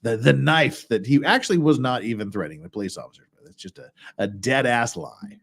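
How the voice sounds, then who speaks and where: A man's voice: mid-range voice, lively intonation, brisk, creaky, a bit bright, slightly rough. A man hosting a casual live stream about legal cases, reading out documents and adding blunt, wry remarks in a rambling way. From United States. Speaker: legal commentary host. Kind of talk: casual livestream commentary.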